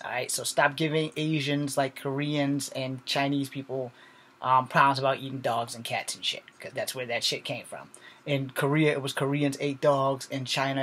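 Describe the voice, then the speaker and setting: A man's voice: a little high, a bit bright. A man talking casually to his viewers in a blunt, rambling monologue, swearing freely and checking in with "all right?" asides. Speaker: video host.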